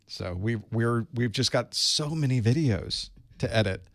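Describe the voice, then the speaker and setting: A man's voice: medium pitch, animated, unhurried, no echo, studio quality. A middle-aged man casually chatting on a livestream before a study session, greeting viewers by where they are and rambling about his work. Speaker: IT certification instructor hosting a live study group. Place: small dark room.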